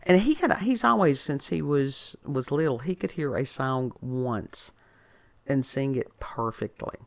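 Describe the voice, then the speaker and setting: Woman host, gravelly voice, lively pitch. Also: unhurried, no room sound. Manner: folksy, rambling, repeats words. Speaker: podcast host. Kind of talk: casual chat.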